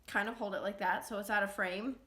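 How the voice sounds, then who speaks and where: A woman's voice: medium pitch, steady tone, fast talker, bright, forceful tone. A young woman chatting casually with her sister on camera, with dry, sarcastic humor. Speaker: channel host. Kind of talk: casual chat. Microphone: phone camera close up.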